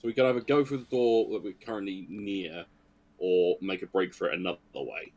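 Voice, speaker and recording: A man's voice: deep voice, brisk, darkish tone. A man joining a story stream as a player, chatting casually and playfully about what to do next. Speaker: guest player. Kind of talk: casual chat.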